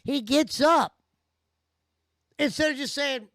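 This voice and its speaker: A man's voice: extremely high pitch, animated, a little slow, dry recording, clean studio sound. A man giving heated, profane, mocking commentary over stream clips. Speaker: commentary host.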